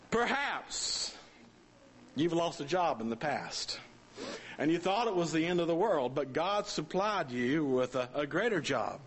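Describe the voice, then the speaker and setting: A man's voice: sits high, fairly bright tone. A middle-aged man from North Carolina with a Southern drawl, preaching a folksy sermon full of restarts and homespun stories. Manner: folksy storytelling with frequent restarts. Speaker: pastor.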